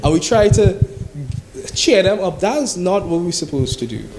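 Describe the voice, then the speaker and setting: A man's voice: high-pitched, sing-song, normal speed, noisy background. A man preaching a sermon. He reads scripture aloud, then explains it in a conversational way, often asking "right?".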